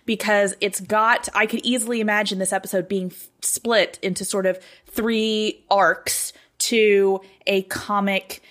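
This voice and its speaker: A woman co-hosting a podcast in casual chat, thinking aloud with lots of fillers and growing animated as she talks. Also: mid-range voice, unhurried, few pauses. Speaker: podcast co-host.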